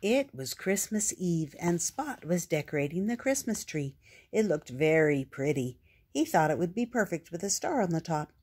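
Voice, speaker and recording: An older woman reading a children's picture book aloud, gentle and expressive. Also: sits low, unhurried, slightly rough. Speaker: storyteller.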